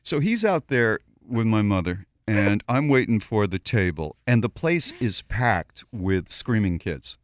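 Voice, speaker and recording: Animated storytelling man, dry studio sound. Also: lowish voice, a little slow, hardly any pauses, no room sound. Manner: animated, acts out voices in anecdotes. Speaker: radio show host. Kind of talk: storytelling on a talk show.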